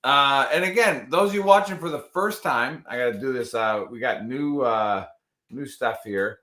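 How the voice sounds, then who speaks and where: A man with a bright, forceful voice hosts a live show. He jokes and rambles casually with his co-hosts. The sound carries a roomy echo. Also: medium pitch, moderate pace. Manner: loose, joking, rambling. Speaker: podcast host.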